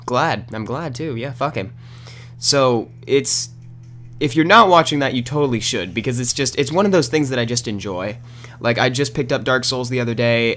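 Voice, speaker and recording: A man giving casual, rambling gameplay commentary at home into a new desk microphone, breaking into loud outbursts at the game. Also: mid-range voice. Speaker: gaming commentator. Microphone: new desk condenser microphone.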